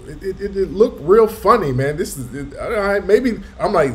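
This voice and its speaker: A man chatting casually on a live show, spinning a story with lots of profanity and slang. His pitch leaps up for emphasis, then drops low and quiet for asides. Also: big pitch swings, normal speed, hardly any pauses. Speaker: host. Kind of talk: casual livestream chat.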